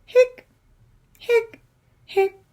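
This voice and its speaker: A woman voicing a small male skeleton who hiccups in high, squeaky bursts. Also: extremely slow, darkish tone. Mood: hiccuping.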